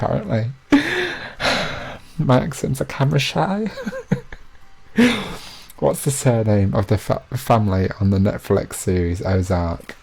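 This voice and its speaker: A man's voice: low-pitched, gravelly, darkish tone, breathy edge. A young man hosting a live quiz, chatty and joking, with self-mocking asides between questions. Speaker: quiz host.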